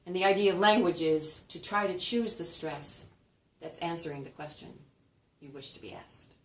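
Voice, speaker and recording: A woman teaching a class, often acting out example phrases with exaggerated sing-song melodies. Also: moderate pace. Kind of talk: lecture with spoken demonstrations. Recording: roomy echo, distant mic, faint rumble.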